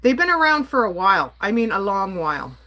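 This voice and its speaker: A woman's voice: medium pitch, big pitch swings, fairly quick, sharp tone. A woman from Canada ranting on a casual livestream, exasperated and blunt while she reads and answers her chat. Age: adult.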